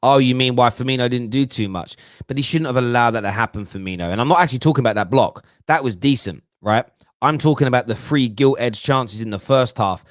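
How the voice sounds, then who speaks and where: Guy hosting a football fan show, chatty and animated, medium voice, dry close mic. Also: medium pitch, fast, no room sound. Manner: animated, mocking put-on voices, London slang like "bruv". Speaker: football talk show host. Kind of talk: live fan show chat answering viewer comments.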